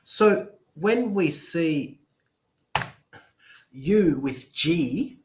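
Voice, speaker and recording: A man tutors English over a video call in an unhurried, drawn-out way. He is playful and encouraging, slipping jokes in between his pronunciation tips. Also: on the high side, animated, a little hiss or hum. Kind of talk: casual online lesson.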